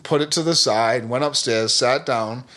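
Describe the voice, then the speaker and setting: A man's voice: mid-range voice, normal speed. A man talking as a podcast guest in a casual conversation, earnest and rambling, often saying "like" and "you know what I mean". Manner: animated storyteller who acts out quoted people.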